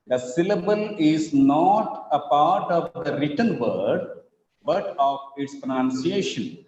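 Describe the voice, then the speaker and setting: A teacher talks over his slides. He speaks slowly, repeats points and spells words out letter by letter. His voice sits fairly high, and the recording is muffled and lo-fi, with a long reverb tail. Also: expressive, darkish tone. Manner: slow, repetitive explaining with spelled-out examples. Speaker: English teacher. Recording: echoey, dull lo-fi room recording.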